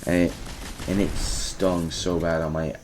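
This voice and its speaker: A man's voice: low-pitched, little pitch movement, a little slow, background noise. A teenage boy casually telling a rambling story about his day, often quoting himself and restarting his sentences. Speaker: vlogger.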